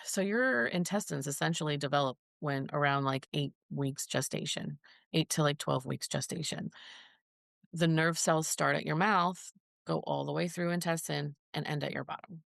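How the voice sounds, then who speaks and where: Speaking at normal speed in a low voice with vocal fry, a mother describes her child's rare disease as a podcast guest. She stays earnest and casual, acting out the exchanges she recalls, on a studio-quality, echo-free track.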